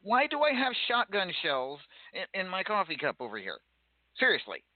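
A man's voice: high-pitched, wildly swooping pitch, moderate pace, dry recording. A man hosting a wrestling radio show with dry, mock-annoyed banter. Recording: tinny phone-like lo-fi recording.

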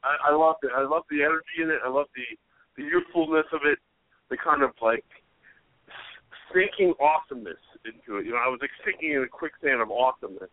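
A man's voice: a little high, fast talker, no room sound. A man co-hosting a comedy show, riffing crudely and rambling in casual chat. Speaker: co-host. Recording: dry, phone-like line.

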